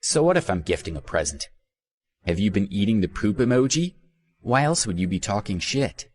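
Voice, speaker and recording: A man's voice: on the low side, sing-song, moderate pace, darkish tone. A man voicing a lovestruck, hot-headed male college student who talks in eager blurts. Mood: angry.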